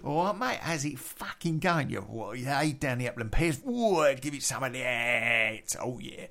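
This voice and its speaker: A man's voice: mid-range voice, sing-song, normal speed, creaky, bright, forceful tone, full character voice. A man voicing a brash young man with a Cockney accent, cocky and rambling.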